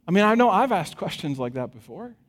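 A man preaching a sermon, retelling a scripture story with an animated, chuckling storytelling manner and addressing the congregation directly. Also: sits high, a little fast. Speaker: pastor. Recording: long hall reverb.

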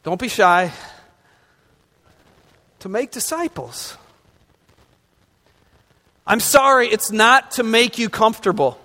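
A man's voice: high voice, expressive, takes it slowly, long pauses, sharp tone. A man pastor delivering a conversational sermon, asking his congregation rhetorical questions as he goes. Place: church sanctuary. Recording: long reverb of a large hall.

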